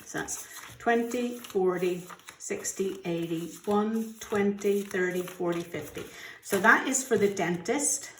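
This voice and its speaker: A middle-aged woman from the UK talks openly and chattily as she counts out cash for her weekly budget. Her voice sits at an ordinary middle pitch, and the recording has a roomy, echoey quality from a room at home. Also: measured pace, a bit bright, a little hiss or hum. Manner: chatty, candid, gets emotional. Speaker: budgeting vlogger. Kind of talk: casual chat while counting cash.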